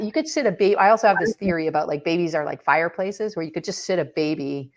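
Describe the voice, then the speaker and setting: Animated lower-voiced woman storyteller. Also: quick pace, hardly any pauses. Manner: animated storyteller who acts out quotes. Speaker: podcast guest, author and speaker. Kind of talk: casual faith conversation.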